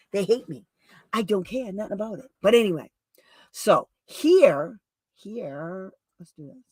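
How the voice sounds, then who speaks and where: A woman hosts her own show as a special education advocate, talking casually and at length. She rambles from story to aside, restarting sentences as she goes. Her voice sits at a middling pitch, recorded dry with no room sound. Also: expressive, slow, long pauses, a little mellow, breathy edge, dry recording. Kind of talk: casual storytelling livestream talk.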